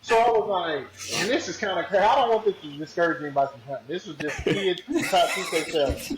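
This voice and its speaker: Guy telling a wild story casual and slangy, kinda high voice, echoey room, people laughing in the back. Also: fast talker, a crowd in the background. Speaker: podcast guest, hunting ambassador.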